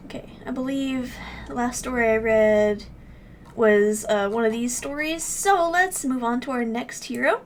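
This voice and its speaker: A woman streamer chatting casually on a live stream, gushing and excitable as she reacts and thanks her chat. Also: a little high, unhurried, a little hiss or hum.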